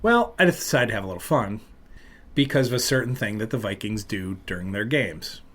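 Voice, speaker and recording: A man hosting a podcast, telling a long story in casual chat and loudly acting out what people said. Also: lowish voice, a little fast. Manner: animated, acts out loud quotes of other people. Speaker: podcast host.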